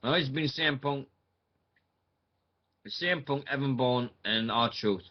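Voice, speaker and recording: A man's voice: mid-range voice, unhurried, dull audio. A man hosting a casual online radio show, rambling and thinking aloud with plenty of fillers.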